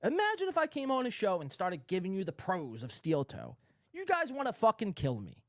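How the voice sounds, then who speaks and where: A man's voice: sits high, huge pitch swings, fairly quick, fairly bright tone, a little hiss or hum. A man hosting a podcast, ranting in a sarcastic, profane, rambling way. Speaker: podcast host. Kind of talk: ranting commentary.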